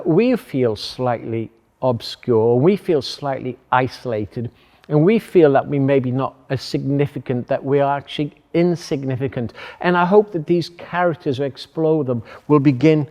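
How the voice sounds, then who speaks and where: A man giving an earnest, measured sermon as a pastor, with thoughtful pauses. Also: a little high, darkish tone. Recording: echoey hall.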